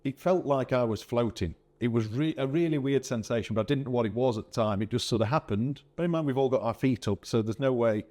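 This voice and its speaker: A man hosting a podcast, telling a story in a casual, animated way with quoted speech. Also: medium pitch, fast talker, few pauses. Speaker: podcast host.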